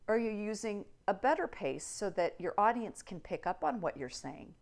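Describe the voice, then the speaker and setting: A woman's voice: mid-range voice, normal speed, hardly any pauses. A middle-aged woman, a media coach, giving a coaching talk on presentations and trying out different tones as she goes. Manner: expressive, demonstrates tones by switching delivery.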